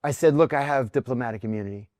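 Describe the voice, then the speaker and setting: A man's voice: mid-range voice, rapid-fire, darkish tone, dry recording, studio quality. A middle-aged man, a former intelligence officer, telling a personal story in a podcast interview, acting out the voices of the people in it.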